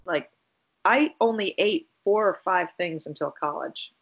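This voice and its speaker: A woman's voice: fairly low pitch, a little slow, husky. A woman co-hosting a podcast, telling rambling everyday stories in a casual chat and laughing often. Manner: rambling storyteller, laughs a lot. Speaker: podcast co-host. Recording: dull lo-fi sound.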